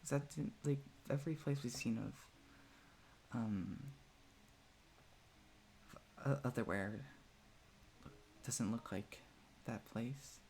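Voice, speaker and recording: Male streamer, mid-pitched, mellow, hesitant live commentary, faint background ambience. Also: gravelly, slight background noise. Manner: musing, hesitant, halting with fillers. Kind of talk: live game playthrough, reading dialogue aloud.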